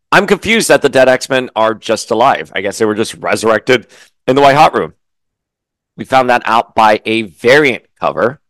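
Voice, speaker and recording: A man giving a casual, animated and opinionated spoken comic book review, with frequent asides and restarts, eating as he talks. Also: lowish voice, no echo. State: chewing food while talking.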